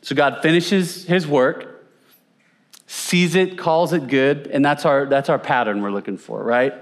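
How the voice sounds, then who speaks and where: A man's voice: a little high, measured pace. A man teaching a conversational Bible lesson, asking his audience questions and repeating words for emphasis. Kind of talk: teaching sermon with slides.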